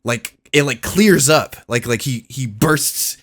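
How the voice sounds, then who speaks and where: Excitable young man reacting, swearing. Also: medium pitch, slow. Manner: excitable, profane and slangy. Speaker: reaction video host. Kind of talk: casual reaction commentary. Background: song playing faintly.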